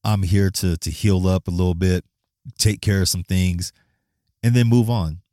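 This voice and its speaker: A man from Flagstaff, Arizona, with a somewhat low voice and a dry, close sound holds forth on his podcast. He is blunt and profane, gets animated, and laughs often as he talks. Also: normal speed, no echo. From Flagstaff, Arizona, USA. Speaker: podcast host. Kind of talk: casual monologue.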